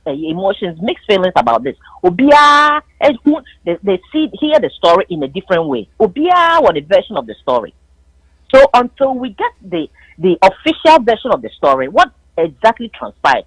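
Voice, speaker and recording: A woman's voice: medium pitch, breathy edge, no echo, low-quality recording. A Ghanaian woman calling into a political talk show, speaking emphatically and switching between English and Twi. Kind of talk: heated political call-in debate.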